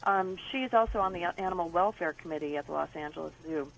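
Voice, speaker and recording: A woman who is a guest and animal advocate on a radio interview, explaining in a measured way with some fillers. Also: lowish voice, creaky, slight background noise, low-quality recording.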